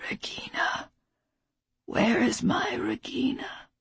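A woman voicing a weak, dying older father who drifts in and out of confusion, speaking in a faint, breathy whisper. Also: slow pace, no echo, natural voice. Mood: confused.

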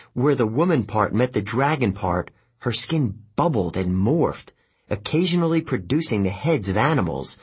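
A man reads a novel aloud as an audiobook, telling the story expressively. His voice is strongly husky and breathy. His pitch moves a lot, lifting and dropping through each sentence. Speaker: audiobook narrator.

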